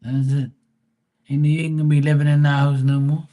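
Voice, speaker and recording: A man's voice: fairly high pitch, little pitch movement, a little fast, warm tone. A man, giving blunt, profane advice on a casual livestream. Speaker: live tarot reader.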